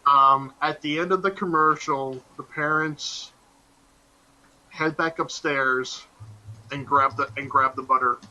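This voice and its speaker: A man hosting a casual podcast chat, telling stories in an animated, crude, joking way. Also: fairly high pitch, takes it slowly, dull audio. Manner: animated, crude, jokey storytelling.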